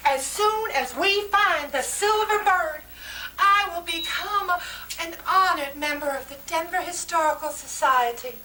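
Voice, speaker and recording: Now the gushing, brassy West Texas mother climbs the social ladder at an unhurried pace, in a woman's very high, bright, forceful voice that's deliberately exaggerated. She still calls everyone honey in this radio-style comedy drama. A faint noise and a roomy, far-off mic color the sound.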